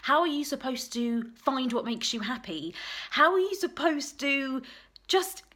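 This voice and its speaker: A woman's voice: high voice, expressive, unhurried, fairly bright tone. Earnest woman vlogging at home. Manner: emotional, tearful at times, earnest and encouraging. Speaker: vlogger, single mum business coach. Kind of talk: unscripted heartfelt vlog to camera. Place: at home, messy room.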